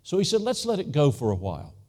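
A man's voice: on the high side, wildly swooping pitch, quick pace, dark tone. Earnest man in his sixties preaching. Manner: earnest storytelling, acts out quoted voices. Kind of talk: sermon.

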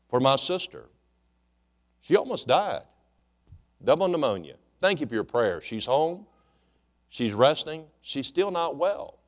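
A man's voice: medium pitch, in a large hall. A man preaching a sermon as pastor, emphatic, repeating phrases and asking his congregation rhetorical questions.

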